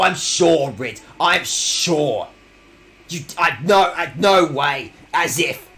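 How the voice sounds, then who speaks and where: A man's voice: fairly high pitch, animated, takes it slowly, pushed and bright. A young man streaming a video game, swearing and mock-outraged as he reads the game text aloud and talks to chat. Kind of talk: casual let's-play commentary.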